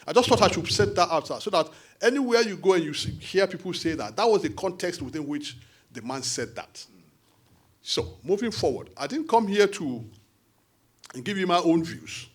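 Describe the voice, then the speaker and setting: A man with a Nigerian accent addresses a forum meeting in an animated, conversational way, with quick asides. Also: high-pitched, slightly rough. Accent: Nigerian English. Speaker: diaspora party official addressing a support forum.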